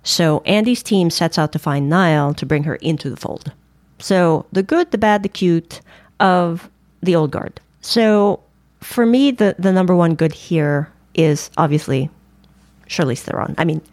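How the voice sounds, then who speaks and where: A woman's voice: on the low side, a little slow, a little mellow, no echo. A woman co-hosting a podcast, leading a casual, eager discussion of a film. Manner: leads the discussion, chatty and eager. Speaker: podcast co-host. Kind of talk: casual movie review chat.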